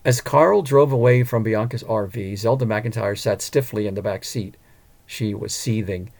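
A man narrating a storybook in a measured, even manner. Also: on the low side, vocal fry. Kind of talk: scripted audiobook narration.

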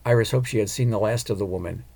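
A man narrating an audiobook in a calm, measured way. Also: fairly low pitch, slightly rough.

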